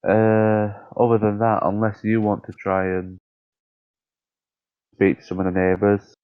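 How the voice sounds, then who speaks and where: A man playing in a tabletop game, slow and deliberate. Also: on the low side, completely flat delivery, smooth, no echo. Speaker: player. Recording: dull, dry lo-fi mic.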